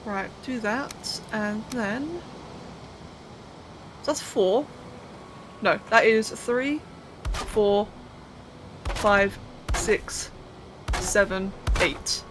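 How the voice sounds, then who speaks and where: A woman's voice: mid-range voice, very slow, pauses often, background noise. A young woman live-streaming a game, thinking aloud as she builds, counting under her breath and chatting to viewers with casual swearing. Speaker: livestreamer.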